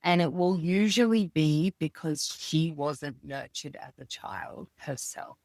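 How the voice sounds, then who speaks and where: A woman in her thirties talks on a podcast in a notably low voice. She is reflective and unhurried, thinking aloud between pauses. The sound is dry and close. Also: a little mellow, no echo. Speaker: podcast guest. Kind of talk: casual conversation.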